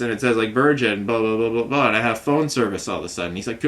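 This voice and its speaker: A young man rambling through a frustrated complaint story in casual vlog talk, often slipping into higher voices for the people he quotes. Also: quick pace, hardly any pauses, fairly bright tone. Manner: rambling, frustrated, mimics others with raised pitch. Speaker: vlogger telling a complaint story.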